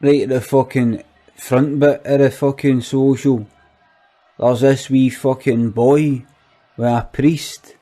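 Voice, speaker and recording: Sweary, rambling Glaswegian young guy, played by a man, slow delivery, dark tone. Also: medium pitch, steady tone, lightly acted. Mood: incredulous ranting. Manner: rambling, swears constantly, repetitive. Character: foul-mouthed skint young Glasgow man, incredulous. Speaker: comic monologue character. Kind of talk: sweary comic rant.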